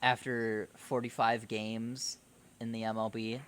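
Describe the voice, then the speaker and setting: A man hosting a casual podcast, with a voice of ordinary middle pitch. He rambles loosely, drops swear words, and laughs easily. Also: level tone, a little slow, fairly bright tone, clear, resonant tone. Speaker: podcast host. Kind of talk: casual chat.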